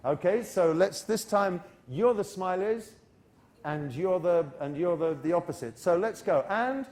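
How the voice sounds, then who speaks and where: A British man leading an English-teaching workshop in a university hall, animated and self-correcting as he drills a large audience with quick asides. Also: sits high, a little hiss or hum.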